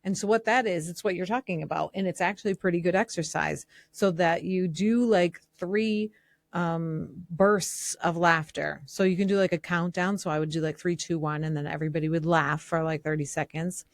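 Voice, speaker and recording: A woman with a Massachusetts accent co-hosting a casual podcast, wry and teasing with quick jokes. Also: fairly low pitch, steady tone, no room sound, studio quality. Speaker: podcast co-host. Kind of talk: casual chat.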